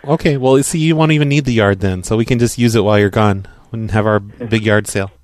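A man making a prank phone call, talking in a pushy, deadpan, matter-of-fact way. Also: lowish voice, quick pace, no room sound. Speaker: prank caller.

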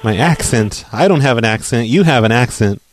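A man making a prank phone call, talking in a pushy, deadpan, matter-of-fact way. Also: mid-range voice, fairly quick, slight background noise. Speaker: prank caller.

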